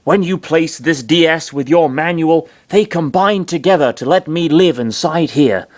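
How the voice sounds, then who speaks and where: A man's voice: a little high, lively intonation, normal speed, voice pushed up, natural voice. A man reading aloud and voicing an upbeat, boastful male doctor who lives inside a game console and likes to taunt. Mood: cheery.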